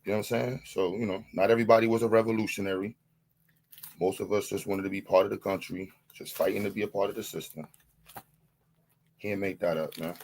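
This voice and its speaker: A man's voice: fairly low pitch, steady tone, brisk, darkish tone. A man on a live-stream panel, boasting and taunting, leaning on the same catchphrases again and again in a heated rant.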